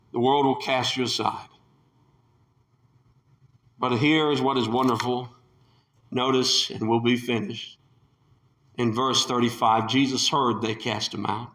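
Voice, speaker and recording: A man preaching a sermon with passion, acting out the voices of the people in the story and rising to shouts. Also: medium pitch, echoey room. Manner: impassioned, acts out the quotes with rising shouts.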